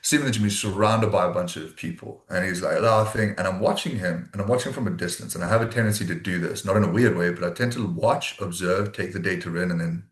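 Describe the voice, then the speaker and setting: Brief: South African guy, low voice, straight-talking, swears, roomy echo. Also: fast talker, few pauses. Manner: blunt, swears freely, acts out quoted friends. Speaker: podcast co-host. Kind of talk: casual podcast chat. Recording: echoey room.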